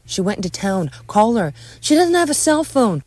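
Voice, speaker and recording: A woman's voice: mid-range voice, sing-song, moderate pace, a little mellow, no echo, pitched above the performer's own voice. A woman voicing a rattled young man who stammers and hedges in a narrated audio story. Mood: nervous. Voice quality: stammering, hesitant.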